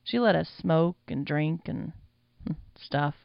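A woman's voice: low voice, takes it slowly, gravelly, no room sound, lo-fi sound, full character voice. Woman doing a sly, lumbering young man. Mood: reminiscing. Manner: sly, drawling.

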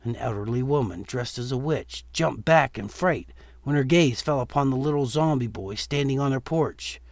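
Gravelly man narrating a spooky story. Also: mid-range voice, no echo. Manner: steady, measured storytelling.

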